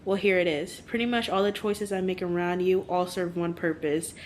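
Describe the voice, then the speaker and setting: A woman reading aloud a young man's heartfelt confession from a novel, in a soft, sincere voice close to her own. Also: fairly low pitch, fairly even intonation, normal speed, slight background noise, pitched below the performer's own voice, close to an everyday voice. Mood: earnest. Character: earnest young man confessing devotion. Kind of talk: reading a book quote aloud.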